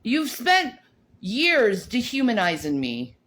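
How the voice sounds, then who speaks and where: A woman's voice: fairly high pitch, huge pitch swings, slow, a bit bright. A middle-aged woman ranting on a livestream, swearing and confrontational, often repeating words and restarting her sentences. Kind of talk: livestream rant.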